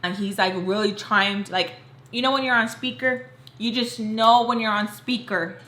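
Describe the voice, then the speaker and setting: A woman's voice: mid-range voice, moderate pace, pushed and bright. A young adult woman telling a personal story in a casual, chatty way, filling her talk with "like" and speaking straight to her viewers. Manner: chatty, fills talk with "like", talks to viewers as "y'all". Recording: roomy echo, faint background hiss.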